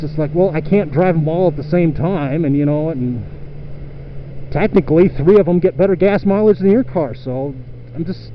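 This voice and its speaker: A man's voice: high-pitched, animated, moderate pace. A man venting in a profane, exasperated rant while riding a motorcycle outdoors, filming his own vlog. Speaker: motorcycle vlogger. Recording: dull lo-fi audio with faint road noise.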